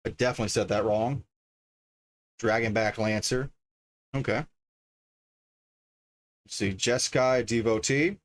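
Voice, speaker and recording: Casual male streamer, slightly low voice, chatty and easily delighted. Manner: chatty, reading card names aloud, easily delighted. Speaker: streamer opening card packs. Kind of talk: casual livestream chat.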